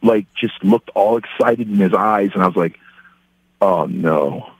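A man's voice: on the low side, steady tone, normal speed, slightly rough, low-quality recording. A middle-aged man, a professional wrestler on a podcast, casually retelling a funny, self-deprecating anecdote and acting out the quotes.

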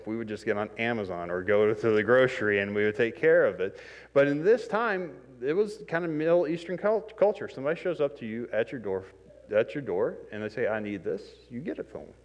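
A man preaching a sermon in a conversational, self-deprecating way, acting out the scenes he describes. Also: mid-range voice. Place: church sanctuary. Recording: long hall reverb.

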